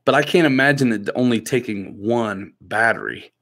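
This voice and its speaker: A man's voice: mid-range voice, moderate pace, fairly bright tone. A man hosting a live stream in a laid-back, joking way, reading viewer comments aloud and teasing the people in the chat.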